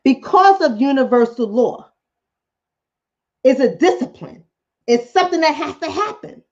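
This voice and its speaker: In a casual monologue addressed directly to viewers, this woman vlogger comments and preaches with emphasis. Her high voice has lively intonation, rising and falling widely, and she speaks a little slowly. The audio is slightly dull and lo-fi.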